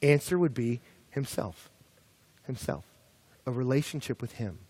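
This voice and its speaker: A young man preaching a sermon to college students, lively and animated, building up to shouting when he retells stories. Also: medium pitch, unhurried, husky, no echo. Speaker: pastor. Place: campus ministry gathering.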